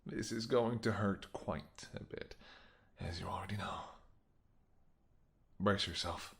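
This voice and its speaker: A voice actor plays a flirtatious, predatory male vampire in a whispered role-play. His voice is lowish and a little slow, delivered as a soft, teasing, seductive murmur.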